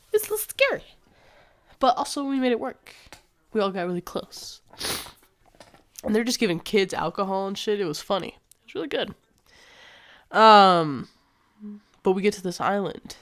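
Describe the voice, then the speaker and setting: A young woman telling a casual storytime vlog, animated and slangy, swearing freely and acting out what people said. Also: mid-range voice.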